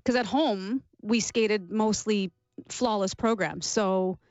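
Woman from Canada, forties, former athlete reminiscing in an interview, animated and emotional, dull lo-fi sound. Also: mid-range voice, takes it slowly, dry recording. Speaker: interview guest, former figure skater. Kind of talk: interview recollection.

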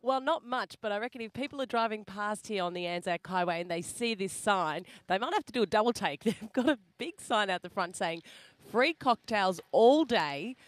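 A woman's voice: medium pitch, animated, no echo. Chatty Australian woman reporting live. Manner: chatty and laughing, quick asides. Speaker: field reporter. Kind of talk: live radio cross. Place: at a roadside hotel.

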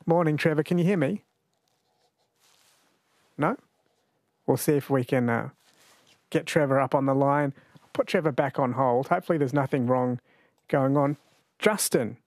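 A man's voice: medium pitch, normal speed, long pauses, darkish tone, dry recording. A man hosting a radio quiz show in a chatty, jokey way. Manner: chatty, jokey, laughs easily. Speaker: radio host. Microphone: studio microphone.

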